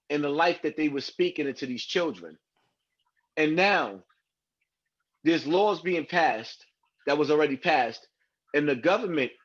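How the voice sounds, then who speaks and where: A man's voice: fairly high pitch, fairly bright tone, slightly rough, lo-fi sound. A man speaking as a guest on a live stream, earnest and rambling, over video-call audio.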